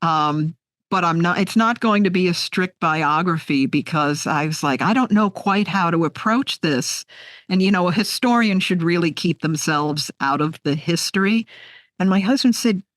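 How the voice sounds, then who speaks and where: A woman in her sixties, an author being interviewed, telling stories in an animated, heartfelt way. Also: fairly low pitch, moderate pace, no room sound, clean studio sound. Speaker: author guest. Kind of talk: conversational interview.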